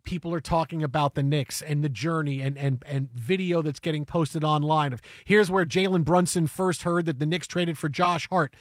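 A male radio host telling a story in animated chat, getting excitable and breaking into shouts and chants. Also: a little high, normal speed, hardly any pauses, dry recording, studio quality.

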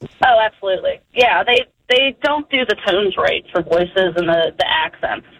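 A woman's voice: on the low side, moderate pace, crowd noise, rough recording. Easygoing Virginian woman calling in. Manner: chatty, easygoing, laughing. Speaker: caller, 911 dispatcher. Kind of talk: call-in to a radio show.

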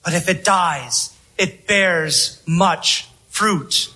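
A male preacher delivering a solemn sermon, his voice high and bright with a slightly husky edge. He speaks slowly and with emphasis, letting long pauses hang between phrases. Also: poor audio.

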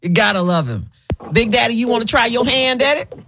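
A woman radio host with a lively, swooping voice. She is playful and laughs often as she coaches callers through a game over a studio mic. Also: a little high, brisk, a little hiss or hum. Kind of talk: casual call-in chat.

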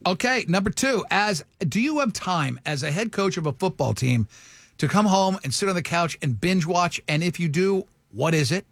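A man's voice: high voice, animated, a bit bright, no echo, clean studio sound. A male radio host interviewing a guest in a playful, joking way. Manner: playful, joking, quick restarts. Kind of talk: casual interview chat.

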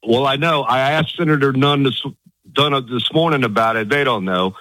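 A man's voice: mid-range voice, normal speed, bright, forceful tone, dry recording, poor audio. A man from Virginia calling in to a talk radio show, chatty and indignant. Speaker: caller.

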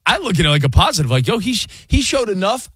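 Hyper high-voiced male sports radio host. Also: very animated, fast, a bit bright, husky, no room sound, studio quality. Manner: hyper, joking banter. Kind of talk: casual sports talk.

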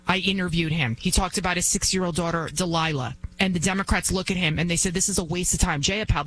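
A woman's voice: mid-range voice, fairly bright tone, slight background noise, poor audio. A woman filling in as a talk radio host, giving an emphatic, indignant monologue with lots of repetition.

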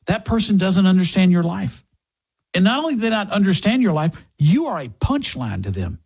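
Talk radio host, male, husky, fired-up, mocking rhetorical questions. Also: a little high, big pitch swings, a little fast, darkish tone, soft background music. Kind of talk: political talk radio monologue.

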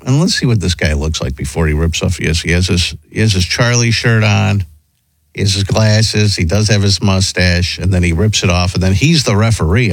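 Animated male radio host. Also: on the low side, no echo. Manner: animated, wondering aloud, quick asides. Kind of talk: casual radio chat, reading listener emails.

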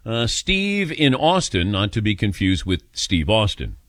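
An older man hosting a radio call-in show, telling stories about himself in a relaxed, self-mocking way. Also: fairly low pitch, measured pace, no echo. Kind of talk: casual radio talk with callers.

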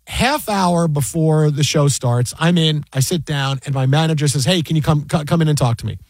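A man who works as a sports broadcaster, casually recounting a work story in an animated, exasperated way. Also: on the high side, normal speed, no echo. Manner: animated, exasperated retelling with repeated asides. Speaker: fantasy football broadcaster.

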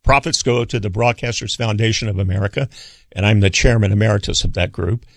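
An older man, a radio executive and author, telling stories in a rambling, halting interview with many pauses and fillers. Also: on the low side, steady tone, dry recording. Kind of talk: casual interview storytelling.

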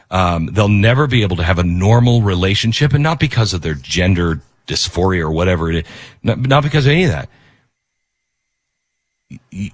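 A man's voice: mid-range voice, no echo. A man hosting a commentary show, giving impassioned, preachy opinions.

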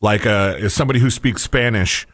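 A man's voice: on the low side, brisk, a bit bright, no echo, studio quality. A man co-hosting a talk show, rambling and hesitant in casual chat with many fillers. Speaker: co-host.

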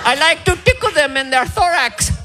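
A man's voice: brisk, loud music behind the voice, a loud crowd. A man voicing a chatty male cardiologist with an Indian accent, who describes surgery with gleeful sound effects. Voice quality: animated sound effects, high excited voice.

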